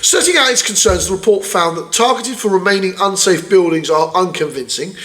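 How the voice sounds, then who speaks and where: High, lively man ranting. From United Kingdom. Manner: angry, sweary ranting, reading news aloud. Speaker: podcast co-host. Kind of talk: casual ranting political chat.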